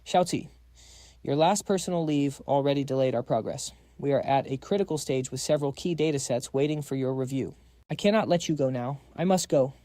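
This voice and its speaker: A man's voice: medium pitch, brisk, warm tone, no room sound, close to an everyday voice. A man voicing a stern older institute director who scolds his researcher.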